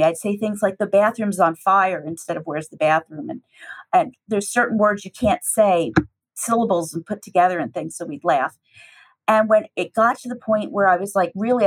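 A middle-aged American teacher tells a personal story in a lively way, acting out the dialogue with shifting pitch. Her voice is husky, and the audio is poor.

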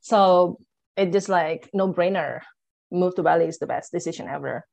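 Lively young woman telling a story, lower voice. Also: normal speed, gravelly. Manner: animated, acts out her own and others' words in quotes; loose phrasing with many "like" and "you know" fillers. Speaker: interview guest. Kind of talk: personal storytelling in conversation.

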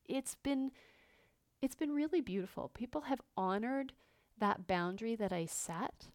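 A woman hosting a podcast, talking openly and earnestly about her feelings, with frequent pauses and fillers. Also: on the high side, animated, darkish tone, no room sound, clean studio sound. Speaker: podcast host. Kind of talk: personal reflective monologue.

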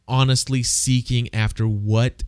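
A man's voice: mid-range voice, flat delivery, unhurried, smooth, no echo, studio quality. A man co-hosting a casual faith talk, speaking earnestly and often repeating words as he thinks. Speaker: co-host.

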